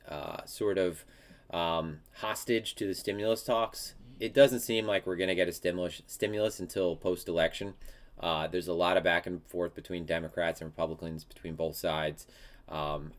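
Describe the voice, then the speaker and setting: A congested man hosting a live crypto market show, talking casually with lots of fillers and restarts. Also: low-pitched.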